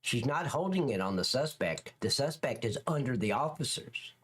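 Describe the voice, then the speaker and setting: A man's voice: mid-range voice, animated, normal speed, husky. A man hosting a livestream, giving blunt, profane, opinionated reaction commentary on police footage.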